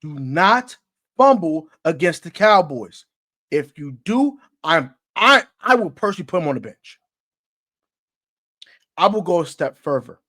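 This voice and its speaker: On the high side and very animated, a male sports commentator rants about football unhurriedly, leaving long pauses. His casual, slangy talk is emphatic and repetitive, rising in volume as he goes.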